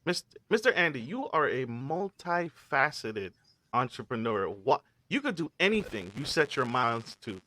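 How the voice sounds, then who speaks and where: A man's voice: mid-range voice, sing-song, normal speed, pushed and bright, no room sound. A man hosting a podcast, effusive and formal, hyping up his guest. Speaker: podcast host. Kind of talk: enthusiastic hosting.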